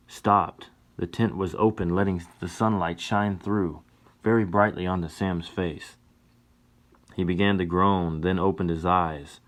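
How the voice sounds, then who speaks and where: Male story narrator, low voice, very slow, deliberate read.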